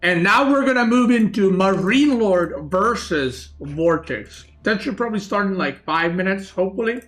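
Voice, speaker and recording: A man's voice: sits high, animated, moderate pace, a bit bright, soft background music. Man rambling on a live stream. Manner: thinking aloud, rambling theories. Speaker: streamer co-casting a tournament. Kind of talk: casual live-stream commentary.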